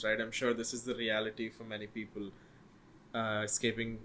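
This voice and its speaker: A man co-hosting a podcast, giving his film opinions in a relaxed, slightly halting way. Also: mid-range voice, slight background noise. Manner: relaxed, thoughtful, a little halting. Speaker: podcast co-host. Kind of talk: casual film discussion.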